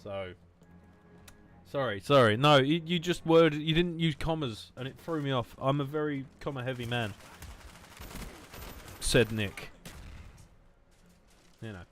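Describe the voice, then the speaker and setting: In a medium-pitched voice at a moderate pace, an Essex-accented English man streams a shooter game. His casual livestream commentary is rambling and jokily sweary, set against in-game gunfire.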